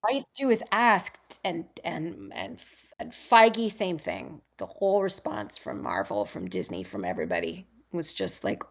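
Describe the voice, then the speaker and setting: A middle-aged woman, an actress interviewed as a guest, telling a candid story in an animated, conversational way with frequent restarts. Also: deep voice, moderate pace. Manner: animated, acts out others' lines in voices, frequent restarts.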